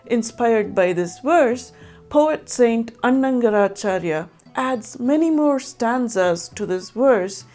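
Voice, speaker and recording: A woman narrating a scripted music lesson, explaining clearly and slowly and speaking rhythm patterns aloud as demonstrations. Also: on the high side, darkish tone.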